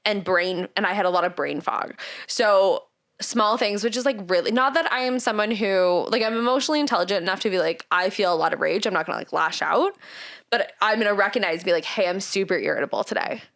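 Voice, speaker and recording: A woman talking casually as a podcast guest, rambling through personal stories with lots of fillers. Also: medium pitch. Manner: rambling, animated storytelling with many fillers.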